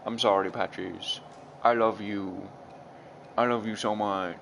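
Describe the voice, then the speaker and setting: A man's voice: lowish voice, measured pace, vocal fry, slight background noise, low-quality recording. A young man chatting casually while playing a video game, rambling with many restarts. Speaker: gaming streamer.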